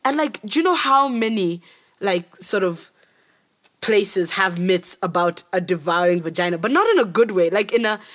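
A woman's voice: medium pitch, expressive, moderate pace, fairly bright tone. Chatty woman podcast co-host. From Africa. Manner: chatty, storytelling, laughs often. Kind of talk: casual chat.

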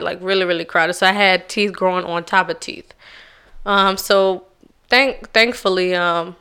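Woman, podcast co-host, soft-spoken, reflective, slightly low voice, very clear tone. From Charleston, South Carolina, USA. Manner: soft-spoken, reflective, deliberately slow and careful speech. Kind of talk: personal conversational storytelling.

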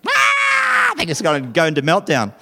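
A middle-aged man preaches in a chatty, storytelling way. His pitch swings widely as he throws questions at the congregation and slips into acted voices. He sits at an ordinary pitch for a man. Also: a little fast, very noisy. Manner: animated storytelling, acting out voices, asking the audience questions. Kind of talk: conversational sermon.

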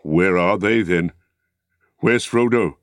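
A gruff dwarf warrior talks bluntly and urgently in a deep voice, as a male reader voices him. The sound is close and dry. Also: slow pace, no room sound. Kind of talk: audiobook character reading.

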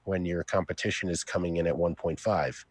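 A man's voice: low-pitched, steady tone, slightly rough, no echo. A man co-hosting a casual podcast, wry and conspiratorial, swearing and spinning long joking theories. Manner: wry, conspiratorial, swears, tells drawn-out jokes. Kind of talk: casual chat.

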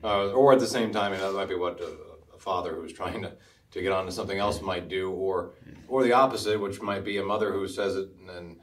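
A man's voice: sits low, fairly even intonation, brisk, distant mic. A man joining a discussion, speaking hesitantly and searching for his words.

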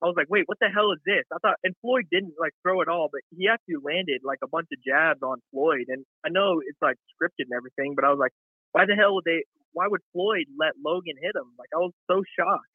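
A man's voice: on the high side, a little fast, dry recording. A man calling into a live show, rambling casually with lots of fillers and teasing the host. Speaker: caller. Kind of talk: casual chat over a phone call. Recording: tinny phone line.

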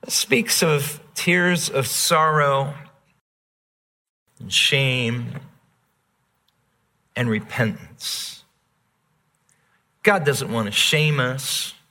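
A male pastor preaching a sermon, earnest and repetitive, dropping soft and then rising emphatic. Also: medium pitch, extremely slow, long pauses, long reverb tail.

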